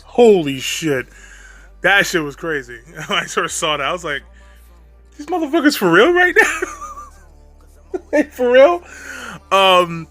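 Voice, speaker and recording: A man's voice: on the high side, fairly bright tone. A man giving ranting video commentary, exasperated and profane, breaking into laughs between points.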